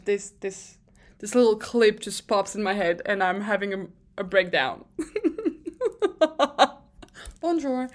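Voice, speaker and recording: Giggly, slow-talking young woman podcaster. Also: a little high. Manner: gushing, giggly, rambling with restarts. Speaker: podcast host. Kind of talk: casual solo podcast chat.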